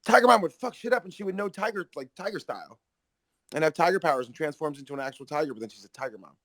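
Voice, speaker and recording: A man hosting a podcast in casual chat, rambling and excitable, swearing freely. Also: fairly high pitch, rapid-fire, no echo. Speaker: podcast host.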